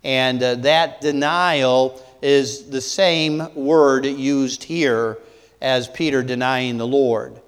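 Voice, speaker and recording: A man preaching a sermon as pastor, halting with many fillers and restarts and asking the congregation rhetorical questions. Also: medium pitch, fairly even intonation, smooth, big-room sound.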